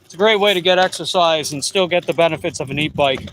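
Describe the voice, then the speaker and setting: While cruising the road on his e-bike, a middle-aged delivery rider vlogger with a Long Island New York accent chats, reads out his viewers' comments, and rambles with restarts. He talks fast in a slightly high, a-bit-bright voice, with a little hiss or hum in the recording.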